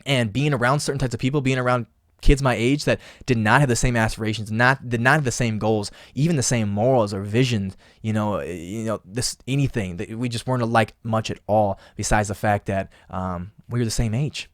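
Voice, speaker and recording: A man's voice: on the low side, a little fast, no room sound, clean studio sound. Impassioned young man hosting a podcast. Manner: impassioned, emphatic, repeats phrases. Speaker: podcast host. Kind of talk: casual motivational podcast monologue.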